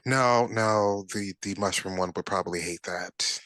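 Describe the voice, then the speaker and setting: A man playing in a tabletop game, speaking hesitantly with pauses. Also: fairly low pitch, bright, forceful tone. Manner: hesitant, slow. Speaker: player. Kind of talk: casual tabletop play.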